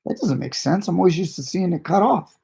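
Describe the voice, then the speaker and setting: A man with a gravelly, husky voice quoting a bewildered son at a holiday dinner who keeps asking why the ham looks wrong, raising his pitch as he does it. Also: lively intonation, a little fast, a little mellow, heavily acted. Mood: puzzled. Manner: bewildered, insistent questioning.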